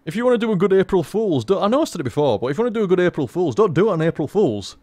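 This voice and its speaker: A man's voice: high-pitched, very animated, racing, mellow, dry recording. A man in casual rambling chat as a gaming commentator, chatty, laughing at himself and swearing freely.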